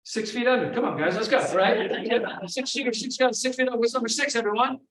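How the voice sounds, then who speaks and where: A man teaching a memory technique at a live seminar, energetic, quizzing the audience in call-and-response. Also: very high-pitched, fairly quick. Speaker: memory trainer. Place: large room before a live audience. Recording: echoey room, voice from far off.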